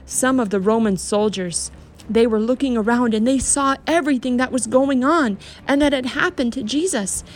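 A woman teaching a Bible story to children, speaking gently and emphatically with a lot of rise and fall in her voice. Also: fairly high pitch, moderate pace.

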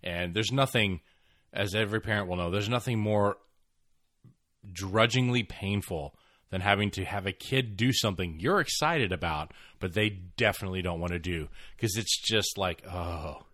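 Brief: middle-aged male podcast co-host, lowish voice, fast casual delivery, dry close mic. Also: a bit bright, no room sound. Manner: quick, laughs often, speeds through words. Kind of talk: casual chat. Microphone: close studio mic.

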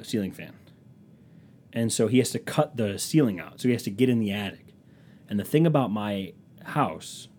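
A man's voice: lowish voice, a little mellow, a little hiss or hum. A man, hosting a podcast and telling a rambling, profane, self-mocking story in a casual comic style. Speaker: podcast host.

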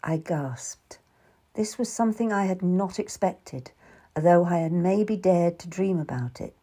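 A woman narrating a historical novel in the first person, with measured, intimate storytelling. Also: on the low side, warm tone, breathy edge. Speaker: audiobook narrator.

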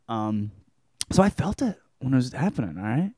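A man's voice: medium pitch, big pitch swings, normal speed, darkish tone, no room sound. A man hosting a podcast who gives a rambling, crude and profane book review. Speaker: podcast host.

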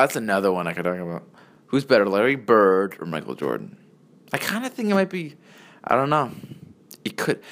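A man's voice: mid-range voice, fairly bright tone. A man in his early twenties giving a rambling, profane solo monologue as a vlogger, often interrupting himself. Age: early 20s. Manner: profane, meandering, self-interrupting.

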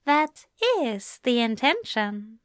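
A woman reading a story aloud and voicing a tender male angel with a soft, murmuring manner. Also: fairly high pitch, takes it slowly, dry recording, studio quality.

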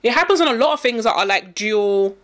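Fast-talking young woman. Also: a little high, animated. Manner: loud, chatty, uses London slang. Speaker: podcast co-host. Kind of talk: casual chat.

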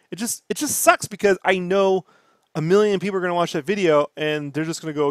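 A man riffs on a podcast in a slightly high voice, profane and worked up as he rants. The sound is close and dry, with no room around him. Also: normal speed, dry recording. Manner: profane, ranting, animated. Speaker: podcast host. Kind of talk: casual podcast chat.

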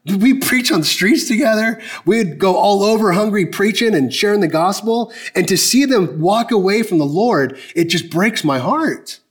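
Man, high voice, pastor, emphatic, conversational sermon, asks the crowd questions. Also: lively intonation, normal speed, few pauses. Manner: conversational, emphatic preaching with direct questions to the congregation.

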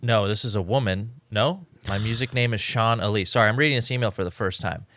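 A man co-hosting a casual podcast chat, talking in a halting way full of fillers and self-corrections. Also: fairly low pitch, a bit bright. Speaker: podcast co-host.

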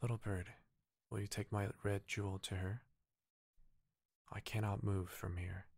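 A man voicing a gentle, sorrowful golden statue prince in a bedtime story, speaking softly and mournfully. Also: on the low side, level tone, a little slow, gravelly, slightly rough, dry recording, studio quality, full character voice. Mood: pleading. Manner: soft, mournful.

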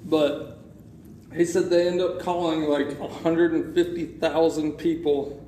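High-voiced, profane podcast storyteller man. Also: measured pace. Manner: loose, profane, animated storytelling. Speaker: podcast co-host. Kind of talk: casual storytelling chat. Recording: echoey room with faint noise.

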